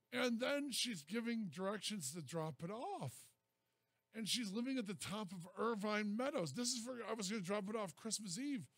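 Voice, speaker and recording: A man's voice: high-pitched, no echo. A man co-hosting a radio show, telling stories and teasing the others in casual banter. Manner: storytelling, sarcastic, teasing. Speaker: radio co-host.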